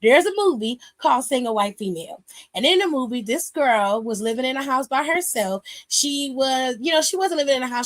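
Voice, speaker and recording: Sassy high-voiced woman host. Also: a little fast. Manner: sassy, animated, profane storytelling. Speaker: aftershow host. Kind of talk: casual recap chat. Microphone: streaming mic.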